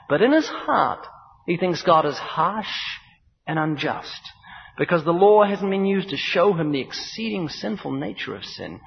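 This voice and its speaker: A man preaching a sermon in an emphatic, rhythmic style, building points through repetition and acted-out dialogue. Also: on the high side. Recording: dull recording with long hall reverb.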